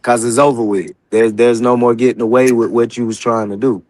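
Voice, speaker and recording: A man speaking in a relaxed, colloquial way and often restarting his sentences. His voice sits mid-range, and the recording is dry and close. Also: medium pitch, fairly quick, no echo, poor audio. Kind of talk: casual discussion.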